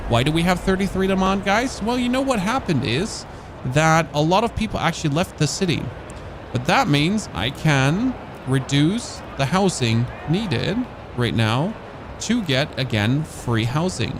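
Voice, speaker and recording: A man's voice: on the high side, sing-song, measured pace, background noise. A man from Germany with a German accent, commentating casually on a game he is streaming, thinking aloud and talking to his chat.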